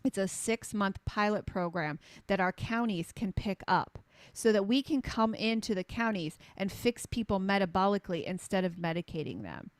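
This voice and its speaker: A woman's voice: mid-range voice, normal speed, no echo. Emphatic middle-aged woman, dry sound. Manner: emphatic, repeats phrases for punch; animated storyteller acting out quotes. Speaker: health coach. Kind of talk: impassioned conversational advocacy.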